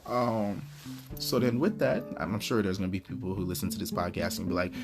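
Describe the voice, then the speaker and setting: A man's voice: low-pitched, fairly quick. A man hosting a podcast, talking casually in a blunt, profane rant. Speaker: podcast host. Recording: guitar music playing clearly behind.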